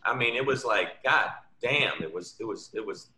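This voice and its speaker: A man's voice: medium pitch, expressive, moderate pace, pushed and bright. A man from New York, a guest comedian, telling blunt, profane stories in casual chat. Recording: echoey room.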